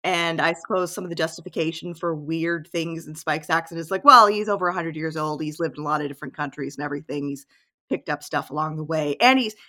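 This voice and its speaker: A woman's voice: sits low, quick pace, bright, forceful tone. A woman co-hosting a podcast, explaining at length in casual chat with many fillers. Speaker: podcast co-host.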